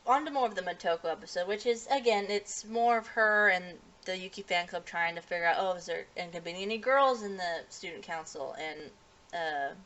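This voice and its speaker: Woman, lowish voice, casual recap, rambling, filler words, self-corrections. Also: a bit bright, muffled recording. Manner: rambling, lots of fillers and restarts; acts out characters' lines in livelier voices. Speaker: anime reviewer.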